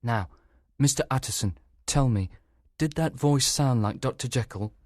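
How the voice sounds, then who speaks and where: A man's voice: medium pitch, normal speed, a little mellow, no room sound, clean studio sound, pitched above the performer's own voice, natural voice. A man voicing a frightened, loyal male servant who speaks anxiously and politely, calling the lawyer sir. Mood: urgent.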